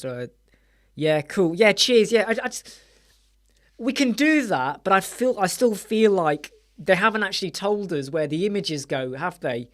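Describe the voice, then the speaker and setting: Speaking at a measured pace, a man in his 40s with a high, animated, fairly bright voice hosts a laid-back web design live chat. He rambles, cracks jokes, and frequently breaks off partway through his thoughts.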